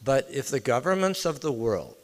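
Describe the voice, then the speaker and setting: A man's voice: medium pitch, big pitch swings, moderate pace. A man giving an informal devotional talk in a temple hall, chatting with and questioning his listeners directly. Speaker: visiting temple speaker.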